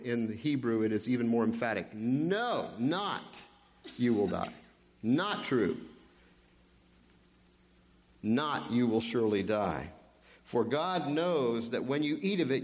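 A man preaching a sermon, reading scripture aloud and pressing home points with repeated questions and deliberate pauses. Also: medium pitch. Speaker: pastor.

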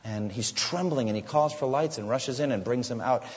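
A man preaching a sermon as a pastor, earnest, sometimes acting out the people in his stories. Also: moderate pace. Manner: earnest preaching, voicing quoted figures with rising pitch. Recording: lo-fi sound with long hall reverb.

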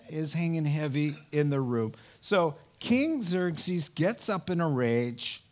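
Animated male preacher, higher voice. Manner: animated storytelling, acts out biblical characters' lines. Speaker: pastor. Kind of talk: sermon.

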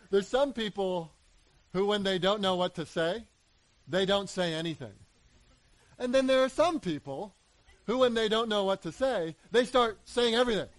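A man preaching a sermon, animated, acting out voices in the story and building to emphatic peaks. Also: sits high, no echo, rough recording. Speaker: pastor.

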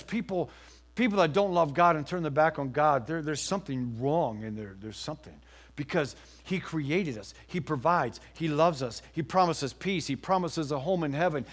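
A pastor delivers his sermon in church with a husky, slightly high voice, alternating between loud emphatic lines and a hushed near-whisper.

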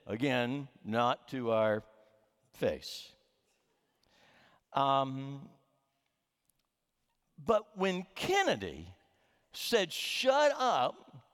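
A man's voice: mid-range voice, a bit bright. A middle-aged man preaching a sermon as a pastor, telling a humorous story with frequent restarts, in a reverberant sanctuary. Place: church sanctuary.

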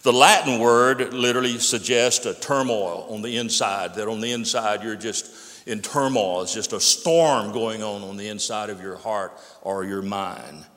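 A man preaching a sermon as pastor, telling stories and quoting with emphatic rises, then dropping low and quiet for solemn points. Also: moderate pace. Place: church sanctuary. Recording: echoey sanctuary with long reverb.

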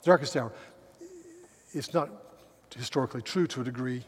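Pastor preaching in an echoing hall. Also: male voice, mid-range voice, normal speed. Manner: stumbling restarts, swings from loud emphasis to soft asides. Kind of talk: sermon. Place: church sanctuary. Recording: long reverb of a large hall.

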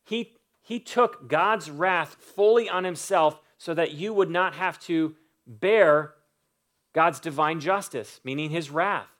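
Male pastor, sermon delivery, emphatic, somewhat high-pitched. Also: takes it slowly, fairly bright tone. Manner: emphatic preaching with lists and rising stresses.

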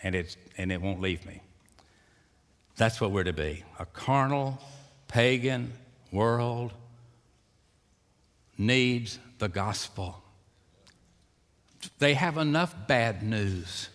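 A man preaching a sermon, dropping to a hushed, slow voice and rising to loud, excited calls. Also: mid-range voice. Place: church sanctuary. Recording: long reverb of a church hall.

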